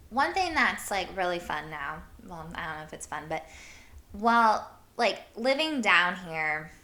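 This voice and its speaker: Woman from iowa rambling on her podcast, bright voice, says like a ton, laughs a lot. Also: lowish voice. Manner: rambling, full of "like", laughs often. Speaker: podcast host. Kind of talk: casual storytelling chat.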